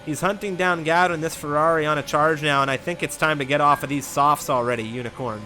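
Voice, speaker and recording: Bright-voiced excited racing commentator man. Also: fairly high pitch, brisk, few pauses. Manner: rises to loud half-yelling in battles. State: catching his breath. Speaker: race commentator.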